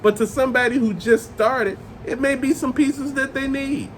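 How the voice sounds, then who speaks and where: Dude with a high voice going off on a profane rant, faint hiss behind him. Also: male voice, moderate pace. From Chicago area. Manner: profane, exasperated ranting. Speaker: host of a toy rant channel. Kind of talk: casual ranting monologue.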